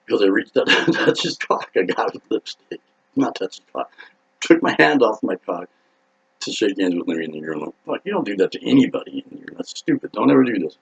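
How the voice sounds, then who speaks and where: A man's voice: fairly low pitch, big pitch swings, fast, creaky, breathy edge. A man in his fifties, a rock singer, telling a rambling, profane anecdote with laughs and acted-out voices. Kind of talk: casual storytelling. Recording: dull lo-fi sound.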